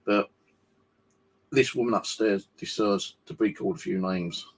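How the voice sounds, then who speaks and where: A husky, somewhat low-voiced man vents from his flat in a loose, rambling monologue. He swears freely and sounds fed up with the people around him. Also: unhurried. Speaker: vlogger. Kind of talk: casual monologue to camera. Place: home flat indoors.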